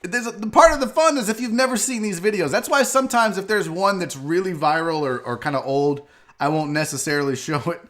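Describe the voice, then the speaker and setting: A man hosting a live sports and entertainment show, chatting loosely with viewers and reacting loudly and profanely to a clip. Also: high-pitched, animated, fairly quick. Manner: loud, profane and joking, often laughing and shouting while reacting to clips; rambling, chatty asides to viewers by name. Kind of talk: casual live-stream commentary.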